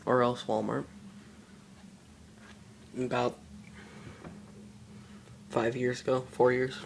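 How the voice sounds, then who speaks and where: Guy rambling about his fan in his apartment, kinda gravelly, flat monotone. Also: mid-range voice, takes it slowly, long pauses, a little hiss or hum. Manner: relaxed, rambling, with fillers. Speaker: video maker showing a fan. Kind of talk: casual product show-and-tell. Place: small apartment.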